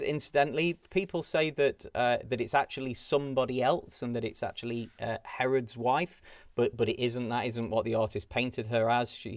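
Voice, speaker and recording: A man's voice: mid-range voice, no room sound, studio quality. Chatty man hosting a quiz. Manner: chatty, giggles at pictures, frequent fillers. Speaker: pub quiz host. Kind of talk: casual live-stream quiz answer run-through.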